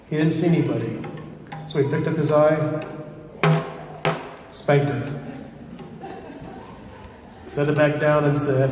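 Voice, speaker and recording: A man telling a traditional story aloud to a live audience, speaking lively and turning to ask them questions. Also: medium pitch, a little hiss or hum. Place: large hall with a live audience. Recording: echoey hall from far off.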